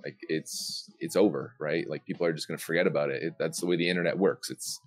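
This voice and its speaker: A man's voice: rumbling low, steady tone, fast, crowd noise. A man on a voice call, debating in a blunt, laid-back way and swearing a lot. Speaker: guest content creator. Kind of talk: casual heated debate.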